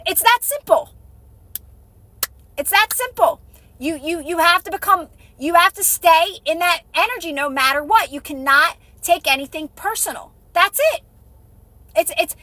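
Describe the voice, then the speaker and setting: Emphatic high-voiced woman coach. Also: bright, forceful tone, no echo. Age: adult with kids. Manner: emphatic, repetitive, acts out little scenes. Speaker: manifestation coach. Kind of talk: TikTok live motivational talk.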